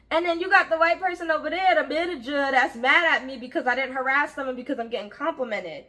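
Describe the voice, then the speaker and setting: Young woman, high bright voice, casual storytelling, slangy and blunt. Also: brisk, few pauses. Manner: animated, acts out voices of people in her story; frank, uses slang and swearing. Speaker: vlogger telling a work story.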